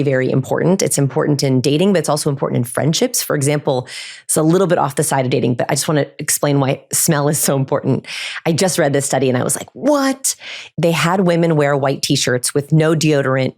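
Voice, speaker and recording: A woman guest on a podcast, explaining body language in lively chat and demonstrating tones of voice. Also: low-pitched. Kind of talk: casual expert chat.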